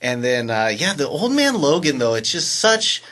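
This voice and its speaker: A man's voice: medium pitch, big pitch swings, normal speed, fairly bright tone. A man co-hosting a casual podcast chat, talking in a laid-back, slangy way with lots of fillers. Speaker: podcast co-host.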